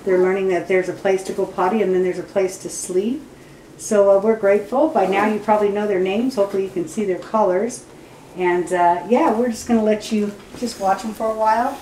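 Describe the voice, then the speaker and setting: A woman's voice: mid-range voice, steady tone, a little fast, dark tone. A woman breeder talking casually about her puppies, slipping into cooing baby talk. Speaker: dog breeder. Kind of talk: casual vlog narration. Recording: roomy, from far off, noisy.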